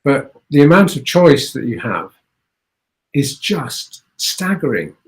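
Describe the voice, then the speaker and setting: A man talks as a guest in a relaxed interview, halting and repeating small words as he goes. His voice sits at an ordinary middle pitch. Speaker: guest explorer. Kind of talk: conversational interview.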